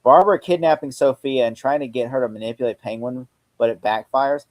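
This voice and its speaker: A man's voice: mid-range voice, a little fast, a little mellow. Jokey man hosting a podcast. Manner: jokey, mimics lines from the show. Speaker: podcast host. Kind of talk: casual chat.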